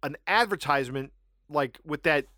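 A man co-hosting a podcast, chatting casually and telling stories with animated, self-mocking asides. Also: fairly high pitch, moderate pace, dry recording, clean studio sound. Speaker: podcast co-host. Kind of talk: casual chat.

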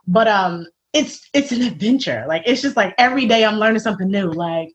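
A woman as an interview guest in casual faith-centred chat, animated and laughing often, acting out the voices she quotes. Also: medium pitch, fairly quick. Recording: dull lo-fi recording.

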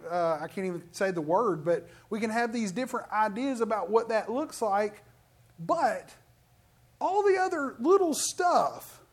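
Middle-aged preacher, lively swooping pitch, keeps restarting mid-sentence, emphatic sermon. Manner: animated, emphatic, with many restarts.

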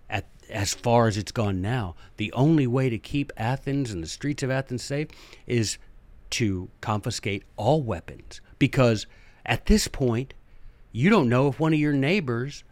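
A man's voice: medium pitch, a little mellow, dry recording. Chatty male storyteller, dry close sound. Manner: chatty, joking asides, acts out characters. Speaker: podcast host. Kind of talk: casual history storytelling.

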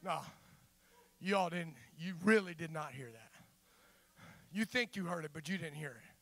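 A man preaching a sermon, moving from slow, quiet talk to loud, impassioned shouting and filling pauses with "uh". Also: fairly high pitch, dry recording. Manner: fills pauses with frequent "uh". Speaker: father.

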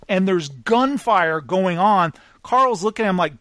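A man's voice: sits high, moderate pace, no room sound. A man in casual chat about movies, telling scenes and acting out lines as he goes. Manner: animated storyteller, acts out film lines.

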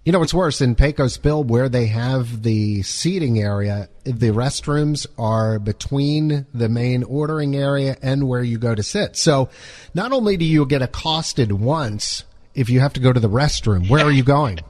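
A man's voice: medium pitch, a little slow, darkish tone. A man co-hosting a casual group podcast, ranting in exasperation about a policy. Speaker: podcast co-host.

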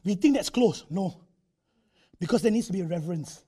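A man's voice: high voice, expressive, fairly quick, dark tone, husky. A male preacher, giving a conversational sermon in a church, acting out quotes and using tag particles.

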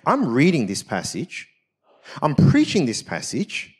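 A man's voice: medium pitch, huge pitch swings, unhurried, breathy edge. A man, a senior pastor at a church service, preaching a personal story in a conversational, self-mocking way with frequent tag questions.

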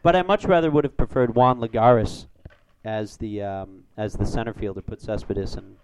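A man hosting a casual sports podcast, rambling through stats and getting excited over big plays. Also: lowish voice, moderate pace, background noise. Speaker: podcast host.

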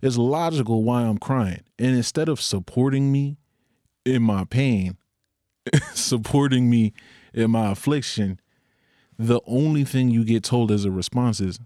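A man's voice: mid-range voice, normal speed, dark tone, no room sound, studio quality. A young man speaking in an earnest, candid personal monologue, with occasional rueful laughs.

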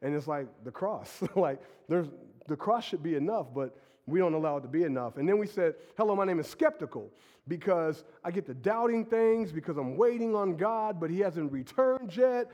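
Pastor, man, sick with a stuffy nose, casual energetic preacher, fairly high voice, long hall reverb. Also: moderate pace. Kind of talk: sermon. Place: church sanctuary.

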